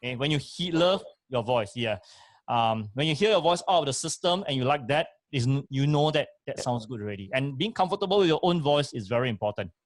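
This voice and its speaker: A man's voice: medium pitch, expressive, brisk, no room sound, clean studio sound. A man, co-hosting a casual chat and coaching with emphatic, repeated points. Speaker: co-host and motivational speaker. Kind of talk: casual chat, giving advice.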